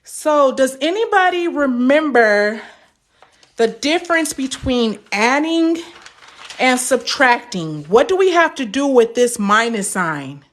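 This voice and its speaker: A woman's voice: high voice, very animated, slow pace. A young woman teaching a live math lesson, chatty and encouraging, stopping to answer viewer comments.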